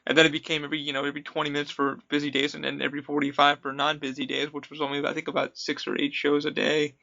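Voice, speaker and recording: A former attraction worker hosts a podcast, chatting casually and telling stories as an animated storyteller who acts out quotes. His voice is fairly high pitched, creaky and rapid-fire. The audio sounds dull.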